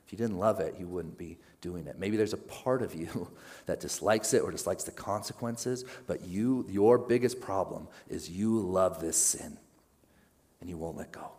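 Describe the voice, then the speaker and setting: Young male pastor, slightly low voice, conversational sermon delivery with animated peaks and hushed drops. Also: moderate pace, pauses often. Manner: conversational, animated, drops to a hush at key points.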